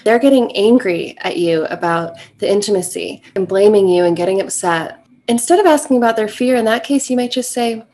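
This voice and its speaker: A woman's voice: medium pitch, normal speed, a little mellow. A middle-aged woman, a relationship coach, giving earnest, encouraging advice straight to the viewer. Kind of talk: direct-to-camera advice talk.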